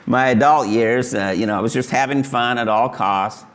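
Delivering a folksy, heartfelt testimony sermon, this older Kansas pastor talks at a normal speed in a slightly bright voice, climbing high in pitch when voicing Jesus.

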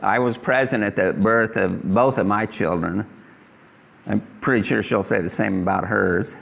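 Gravelly-voiced man preaching a sermon. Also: lowish voice, steady tone, moderate pace, fairly bright tone. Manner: emphatic preaching, acts out pleading prayers. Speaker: pastor.

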